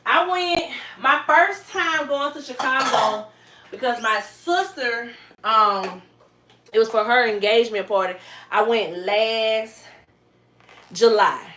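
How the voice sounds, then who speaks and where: A woman's voice: on the high side, slow. A woman with a Southern Georgia accent, chatting casually with live viewers as a vlogger and mother at home. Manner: chatty, relaxed, drawling Southern speech. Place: kitchen at home. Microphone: phone on a tripod. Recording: echoey kitchen, faint noise.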